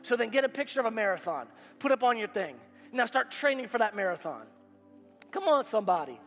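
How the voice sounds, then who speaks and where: A man's voice: extremely high pitch, big pitch swings, brisk, a bit bright. A male pastor preaching a sermon, emphatic and repetitive, with call-and-response phrases. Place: church sanctuary. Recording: hall reverb with faint music.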